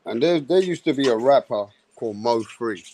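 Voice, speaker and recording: A man's voice: mid-range voice, expressive, normal speed, mellow, slight background noise. A man hosting a live boxing talk stream, blunt and swearing, teasing a chat member.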